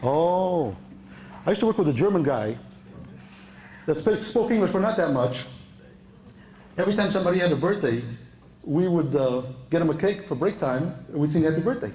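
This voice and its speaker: This European comic does live stand-up storytelling in an echoey club, telling true tales chattily, raising his voice to quote people and laughing at his own lines. He speaks at a moderate pace with long pauses, in a mellow, somewhat high voice with lively intonation and slight background noise.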